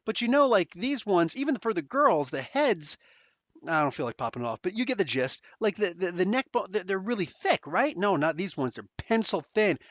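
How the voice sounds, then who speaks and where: A podcast host with a New Jersey accent, rambling through an anecdote full of slang and restarts. His pitch bounces around a lot, sitting a bit high for a man. The sound is dry and somewhat dull, like a lo-fi home setup. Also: very animated, normal speed, fairly bright tone, no echo. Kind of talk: casual storytelling.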